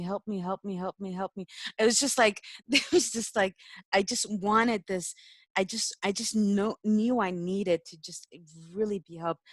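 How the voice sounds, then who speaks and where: A woman's voice: lowish voice, dry recording. A young woman, a spiritual teacher, telling a personal story in casual talk, emotional, laughing often and using many fillers.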